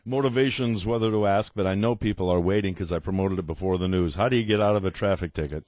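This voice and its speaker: Low-voiced, affable radio host man. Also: fast, darkish tone, no room sound. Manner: affable, prompts with short questions. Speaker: radio talk show host. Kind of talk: phone-in radio interview.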